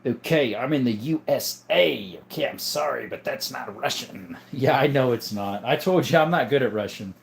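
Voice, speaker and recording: A man hosts a casual livestream and talks loosely to his viewers. He rambles, jokes and reads their chat messages aloud. His voice sits at an ordinary middle pitch for a man. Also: lively intonation, normal speed, gravelly, hardly any pauses, a little hiss or hum. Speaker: livestream host.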